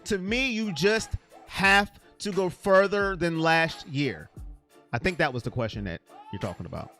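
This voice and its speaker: A man hosting a casual live stream chat, rambling excitably and reading viewer comments aloud. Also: medium pitch.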